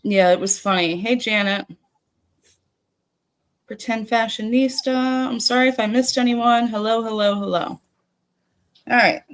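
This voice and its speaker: A woman hosting a live stream panel, greeting her chat one name after another. She talks slowly and easily, with casual swearing and frequent laughs. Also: on the high side, fairly even intonation, clean tone. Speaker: livestream host.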